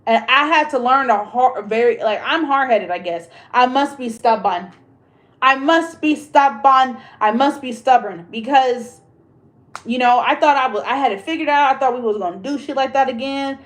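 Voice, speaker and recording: A woman hosting a casual livestream chat rants bluntly and emphatically, swearing freely. Her voice is on the high side and moves at normal speed.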